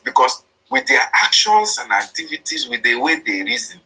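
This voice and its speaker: A gravelly, husky, sharp-toned man with a Nigerian accent speaks at normal speed in a fairly high voice with big pitch swings, and the audio is poor. On a political online broadcast, he delivers a heated monologue, emphatically restating his points while denouncing opponents.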